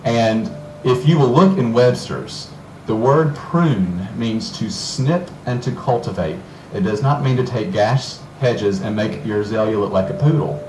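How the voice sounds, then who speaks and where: Southern male storyteller, lively and laughing, distant mic in a roomy space. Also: mid-range voice, unhurried, slight background noise. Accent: Southern American. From Georgia, USA. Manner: animated, chuckling storyteller. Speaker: garden author and speaker. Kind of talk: storytelling lecture to an audience.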